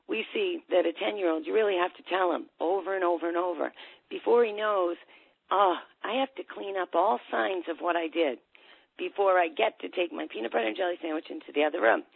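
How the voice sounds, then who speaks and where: A woman's voice: fairly low pitch, creaky, husky, dry recording. A woman coaching people with ADHD on a call, telling a story and acting out the voices in it. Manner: storytelling, acts out voices in a lively way. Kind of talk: talk on a call. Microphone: phone or call line. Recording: tinny phone line.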